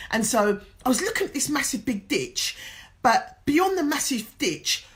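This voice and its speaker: A woman's voice: high voice, sing-song, normal speed. A woman life coach from England telling an earnest, emotional motivational story, tearful at times. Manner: emotional, earnest, tells a story with quoted dialogue.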